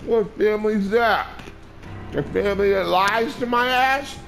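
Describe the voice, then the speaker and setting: Gravelly trash-talking man gaming. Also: high voice, unhurried, fairly bright tone, faint music behind. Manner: trash-talking, profane, taunting; repeats short phrases over and over. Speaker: gamer. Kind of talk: let's play commentary.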